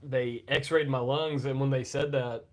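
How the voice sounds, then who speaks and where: Casting: middle-aged guy, average pitch, foul-mouthed rambling storyteller, chesty post-pneumonia cough. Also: steady tone, a little slow, darkish tone. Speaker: podcast co-host. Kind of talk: casual live podcast banter.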